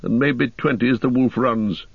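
A man voicing a stern, commanding old male wizard in a storybook reading, speaking gravely and forcefully. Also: medium pitch, moderate pace, dry recording. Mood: grim. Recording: dull dry audiobook recording.

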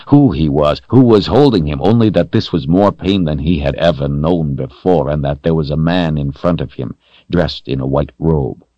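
Very deep-voiced male narrator. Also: darkish tone, dry recording, lo-fi sound. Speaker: audiobook narrator. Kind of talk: scripted fantasy narration.

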